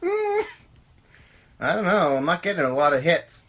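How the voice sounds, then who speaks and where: A man co-hosting a comedy podcast, teasing his friends with dry, deadpan jokes. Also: sits high, moderate pace. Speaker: podcast co-host. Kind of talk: casual comedic chat.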